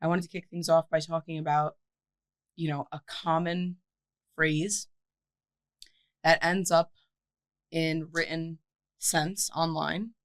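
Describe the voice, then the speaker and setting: A woman's voice: low voice, fairly even intonation, slow, pauses often, no echo. A young woman co-hosting a podcast, talking bluntly and sardonically with frequent laughs. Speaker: podcast co-host. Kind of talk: casual chat.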